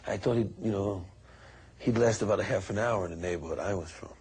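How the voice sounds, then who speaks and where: A man's voice: on the low side, fast talker, heavy background noise. A man from New York in a documentary interview, speaking bluntly and wryly. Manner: blunt, wry remarks.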